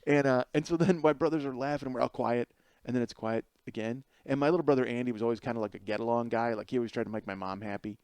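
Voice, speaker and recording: A middle-aged man hosting a podcast, telling a comedic story in an animated way, swearing freely and laughing through the punchlines. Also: mid-range voice, fast talker, clear, resonant tone, no room sound. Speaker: podcast host.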